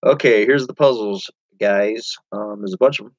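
An eBay reseller with a fairly low voice hosts a casual live stream at a moderate pace, rambling about whatever comes to mind and reading viewer comments aloud. The recording is dry, close, and muffled, with no room sound.

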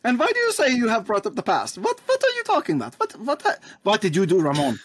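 A man voicing a prim, easily scandalized male adventurer in a tabletop role-play, scolding in a fussy, high-pitched way. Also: wildly swooping pitch, quick pace, fairly bright tone, slightly rough, no room sound, studio quality, full character voice. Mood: suspicious.

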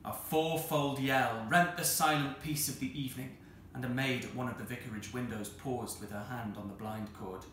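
Man reading a storybook in a roomy hall. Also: medium pitch. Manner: expressive, measured. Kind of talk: reading a children's novel aloud. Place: arts centre hall. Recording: roomy hall with faint noise.

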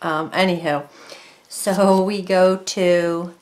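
A woman's voice: medium pitch, unhurried. Chatty woman teaching craft painting. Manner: chatty, rambling, muttering softly while concentrating. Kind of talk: casual painting tutorial. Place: home craft desk.

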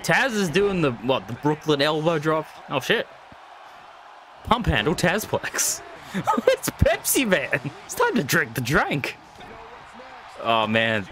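Young guy streaming a wrestling game, jokey and swears a lot, pitch jumps all over, bit of faint hiss. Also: unhurried. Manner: jokey, swears a lot, laughs often, excitable. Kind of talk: casual live-stream commentary.

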